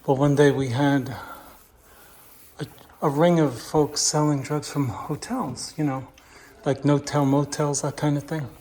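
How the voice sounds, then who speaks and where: A middle-aged man installing wallpaper, chatting casually and dropping into hushed asides as he works. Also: on the high side, fairly even intonation, a little slow, a little hiss or hum. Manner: chatty, drifts into hushed asides while working. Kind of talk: casual how-to chat while working. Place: room being wallpapered.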